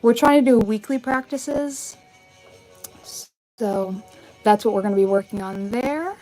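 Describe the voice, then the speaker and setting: A woman's voice: on the high side, measured pace, a little mellow, poor audio. Chatty young woman on a phone live stream. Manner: chatty, upbeat, many likes and ums. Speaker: vintage fashion YouTuber. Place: bedroom with vanity. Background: faint music.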